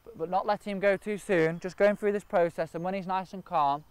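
A man's voice: high-pitched, steady tone, a little fast, clear, resonant tone, no room sound. A man training gundogs outdoors, explaining each step in a practical way. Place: outdoors in a park and by a river.

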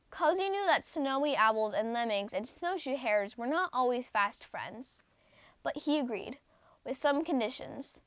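A woman reading a children's picture book aloud in a gentle, expressive storytelling way. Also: high-pitched, measured pace, dry recording.

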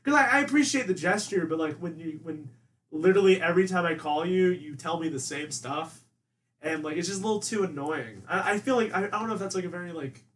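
A man's voice: fast talker, fairly bright tone. A young man guest on a casual podcast, rambling through family stories with lots of "like" and imitating his mom. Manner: rambling, heavy use of "like", mimics his mom in a higher voice. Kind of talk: casual storytelling chat. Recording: distant mic with faint ambient noise.

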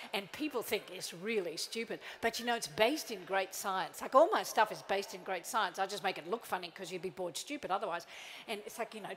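A middle-aged woman giving a motivational keynote to a live audience at tables. She is playful and animated, acts out little quoted scenes and coaxes the crowd to join in. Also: mid-range voice, slight background noise. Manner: coaxing the crowd into joining in. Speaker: motivational speaker.

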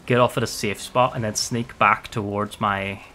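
A man's voice: lowish voice, normal speed, slight background noise. A man streaming a survival game, talking casually to himself, swearing and jumpy as things go wrong. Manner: excitable, swears a lot, jumpy. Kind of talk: casual gameplay commentary.

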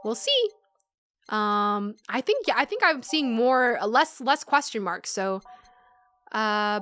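A woman with a high, bright-sounding voice chatters through her game commentary in a casual, giggly way. She often hums along with the tunes, and soft music plays faintly behind her. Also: big pitch swings, slow pace, no room sound, clean studio sound. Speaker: let's-play host.

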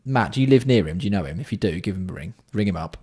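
A man hosting a casual livestream, bantering with chat and swearing freely while keeping his voice fairly hushed. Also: low voice, animated, very fast, husky. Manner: banter-filled, sweary, reads out and answers chat. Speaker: livestream host.

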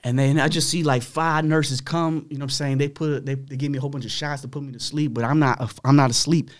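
A man's voice: medium pitch, fast. Man telling a hospital story casually. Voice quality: slightly rough voice. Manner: animated, acts out dialogue, frequent swearing. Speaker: podcast guest.

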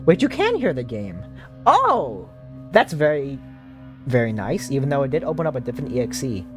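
A man talks his way through a creepy game in a loose, rambling flow full of restarts. His pitch swings widely, and soft music hums faintly behind him. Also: sing-song, fast talker. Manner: rambling, self-talking, lots of fillers and restarts. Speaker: streamer playing a horror demo disc. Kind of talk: casual let's-play commentary.

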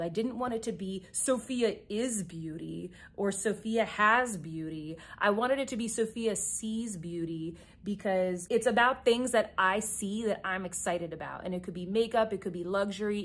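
A chatty young woman filming a relaxed get-ready-with-me video at home, talking straight to her viewers while she puts on her makeup. Her voice sits at an ordinary middle pitch, and she speaks with eager, friendly energy, as if catching up with friends. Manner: chatty, enthusiastic, talks while doing makeup. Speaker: beauty YouTuber.

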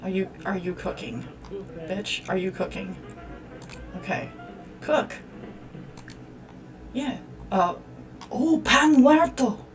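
A woman's voice: mid-range voice, takes it slowly, long pauses, recorded from a distance, soft background music. A woman hosting a let's-play, commenting on a life-sim game in a profane, exclamatory way as she talks at the characters. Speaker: gaming channel host.

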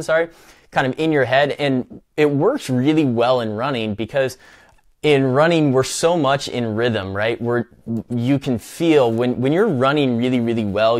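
A man hosting a live running show, talking casually with lots of restarts and fillers. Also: medium pitch. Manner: rambling, with many fillers and restarts. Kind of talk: casual live-stream talk.

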